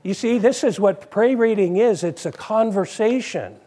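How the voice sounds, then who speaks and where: A man's voice: high voice, normal speed, warm tone, husky. A married man preaching a sermon in a conversational way, repeating phrases and putting questions to the congregation.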